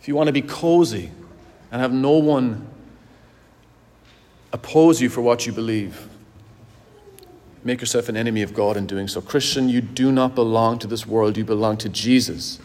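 A man preaches with earnest conviction, leaning on key words and slowing his delivery to drive them home. His voice sits at an ordinary middle pitch. A long reverb trails each phrase, as if in a large church sanctuary. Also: darkish tone. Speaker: pastor. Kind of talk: sermon.

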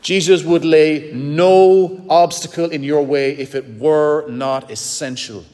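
A man preaching a sermon with emphatic, dramatic swings between loud and soft. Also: fairly high pitch, fairly even intonation, slow pace. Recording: long hall reverb.

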